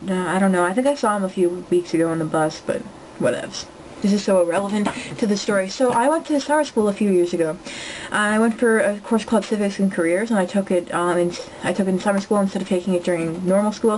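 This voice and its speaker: A young woman telling a story to the camera from home, rambling and joking with many quick asides. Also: mid-range voice, a little mellow, rough recording. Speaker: vlogger.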